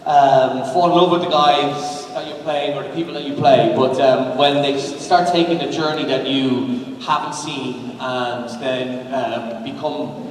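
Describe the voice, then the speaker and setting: A man, an actor on a fan convention panel, talking casually in a halting, rambling way with many fillers. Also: medium pitch, fairly even intonation. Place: large convention hall. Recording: echoey hall, distant fan recording, crowd noise. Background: audience murmur and hall noise.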